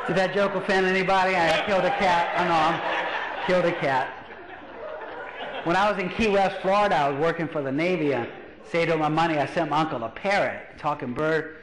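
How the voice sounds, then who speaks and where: High-voiced storytelling comedian man. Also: a little fast, crowd noise. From Louisiana. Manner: animated storyteller, acts out voices. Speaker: pastor and comedian. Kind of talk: stand-up comedy. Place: church hall. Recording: echoey hall.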